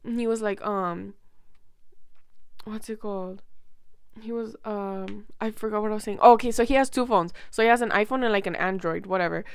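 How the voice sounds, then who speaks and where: A young woman vlogger telling a rambling, animated story in casual chat, full of fillers and quoted back-and-forth. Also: medium pitch, brisk, clean tone, no echo, studio quality.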